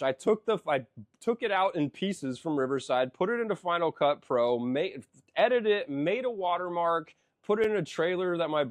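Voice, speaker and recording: A middle-aged man hosting a podcast, telling a profane, animated story in casual chat. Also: on the high side, no echo, studio quality. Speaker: podcast host.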